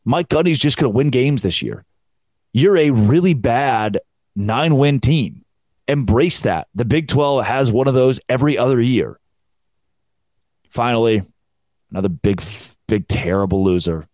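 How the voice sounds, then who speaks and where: A young man, hosting a solo college football podcast in a sarcastic, animated rant. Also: mid-range voice, a little slow, dry recording. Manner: sarcastic, animated, mocking quoted fans. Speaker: podcast host.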